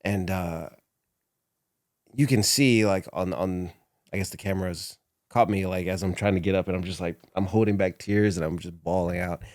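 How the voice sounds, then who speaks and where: A man with a fairly low voice tells his stories in a relaxed studio chat, lively and often laughing as he acts out quotes. The sound is dry and close, with no room around it. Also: normal speed, no room sound. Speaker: professional wrestler, guest. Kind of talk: casual interview storytelling. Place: podcast studio. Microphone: studio microphone.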